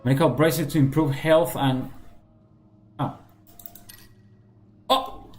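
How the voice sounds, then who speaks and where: A man's voice: a little high, steady tone, slow, darkish tone, soft background music. A man giving casual gameplay commentary, joking, mocking himself and thinking aloud as he plays. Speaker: gameplay streamer.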